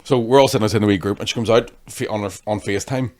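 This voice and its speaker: A man's voice: fairly low pitch, very fast. A young man chatting on a podcast, swearing freely and acting out people in his stories. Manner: swears constantly, acts out hecklers in animated storytelling. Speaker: comedian guest. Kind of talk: casual podcast chat.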